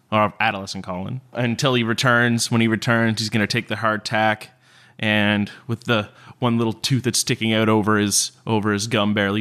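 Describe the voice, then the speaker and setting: A man's voice: lowish voice, a bit bright. A man playing a tabletop game, thinking aloud and describing his character's actions at length. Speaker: player. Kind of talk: tabletop role-play.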